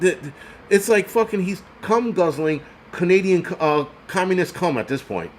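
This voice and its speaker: A man in a heated livestream rant, swearing freely and tripping over his own words as he gets worked up. His voice sits a little high for a man. A faint hum runs underneath. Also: lively intonation, unhurried. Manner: angry, profane, heated ranting; repeats and restarts words when worked up. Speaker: host of a prepping channel.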